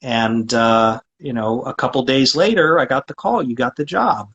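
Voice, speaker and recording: A man's voice: mid-range voice, normal speed, fairly bright tone, slightly rough, muffled recording. A man being interviewed as a guest voice actor, chatting casually and talkatively, often restarting his sentences with fillers.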